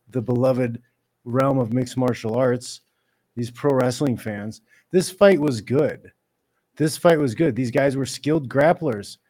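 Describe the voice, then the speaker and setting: A man giving ranting commentary on a fight, exasperated and mocking, mimicking critics in a high whiny voice. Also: a little mellow. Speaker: MMA commentator.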